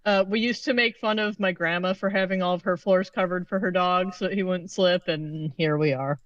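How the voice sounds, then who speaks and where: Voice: mid-range voice, fairly even intonation, fairly quick, a bit bright, no room sound, muffled recording. A tabletop game player at home making wry, explanatory asides. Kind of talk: casual tabletop game chat.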